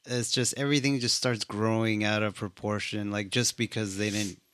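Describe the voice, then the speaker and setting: A man's voice: on the low side, little pitch movement, moderate pace, fairly bright tone, clean tone, no echo, studio quality. A man casually recapping a film, laid-back and swearing freely. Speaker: movie reviewer. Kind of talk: casual chat.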